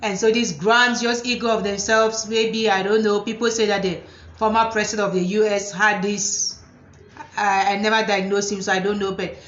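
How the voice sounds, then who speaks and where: A woman psychotherapist and motivational speaker talking about relationships, animated and mocking controlling partners in put-on voices. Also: mid-range voice, moderate pace, a little hiss or hum. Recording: echoey room, slightly dull sound.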